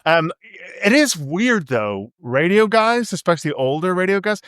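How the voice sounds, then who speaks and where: A man's voice: sits high, sing-song, normal speed, a bit bright, clean tone, no room sound, clean studio sound. A man, an author guest on a podcast, chatting in a rambling, playful way with many restarts. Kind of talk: casual interview chat.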